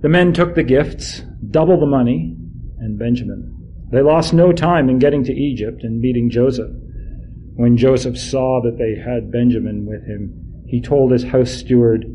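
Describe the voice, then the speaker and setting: A man's voice: mid-range voice, moderate pace, warm tone, a little hiss or hum, rough recording. Congested man reading scripture aloud. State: congested, clearing his throat. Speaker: scripture reader. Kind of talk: reading a Bible passage aloud to a group. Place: room with listeners present.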